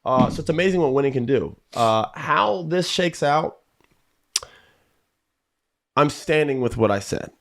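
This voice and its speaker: A man hosting a sports podcast, talking casually and rambling through basketball talk in a relaxed way. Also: fairly high pitch, a little slow, creaky, long pauses. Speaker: podcast host.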